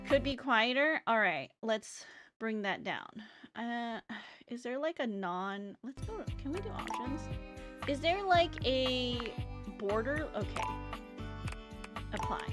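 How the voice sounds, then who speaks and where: A young woman streaming a game live, chatting casually and greeting her chat by name. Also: high-pitched.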